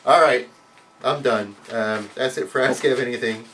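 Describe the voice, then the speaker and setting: A man hosting his own vlog, answering viewer questions in a casual, heavily profane rant that bursts into loud, mocking outcries. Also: moderate pace, distant mic, slight background noise. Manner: swears a lot, mocks with loud high outbursts.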